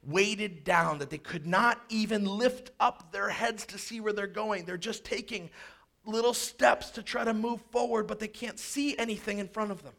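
Animated male preacher with a higher voice. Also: moderate pace, vocal fry. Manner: animated, jokey asides, acts out quoted voices. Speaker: pastor. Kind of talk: sermon.

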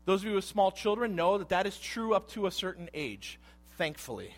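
A man in his thirties preaching a sermon with a fairly high voice for a man. He talks in a conversational, animated way, slipping into quiet asides and then building back up to loud emphasis. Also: brisk. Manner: animated, acts out voices in quotes, swings between hushed asides and loud emphasis. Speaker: pastor.

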